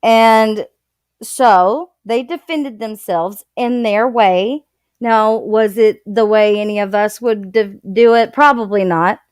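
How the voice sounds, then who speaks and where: A woman talks slowly in a casual commentary, pausing often as she looks for words. Her voice is smooth and clear, and the recording is dry and close. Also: medium pitch, darkish tone, no room sound. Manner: hesitant, searching for words, slow. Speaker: commentary streamer.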